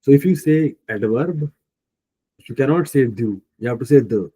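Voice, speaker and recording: A man with an Indian English accent teaching a French class online, speaking slowly and patiently, thinking aloud and correcting himself. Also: medium pitch, lively intonation, mellow, breathy edge, rough recording. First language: Punjabi. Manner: slow, patient, thinking aloud with many fillers; self-correcting mid-sentence.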